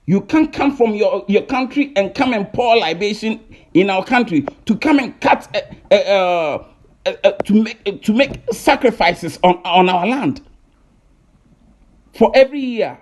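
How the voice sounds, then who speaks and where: A man's voice: high-pitched, animated, a little slow. A man from Ghana with a Ghanaian English accent, ranting angrily in a video, accusing and repeating himself with many hesitations. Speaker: online commentator. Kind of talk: angry video rant.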